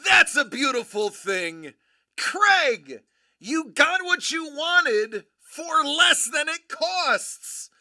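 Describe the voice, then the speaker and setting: Giddy high-pitched stream host. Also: sing-song, extremely slow, no echo, studio quality. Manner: giddy, laughing, shouting bursts. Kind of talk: excitable live stream commentary.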